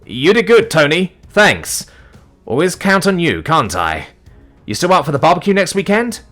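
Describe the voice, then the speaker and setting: A man's voice: on the high side, sing-song, normal speed, a bit bright, soft background music, pitched above the performer's own voice. A man voicing a sheepish young male wizard who rambles through nervous apologies. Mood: upbeat.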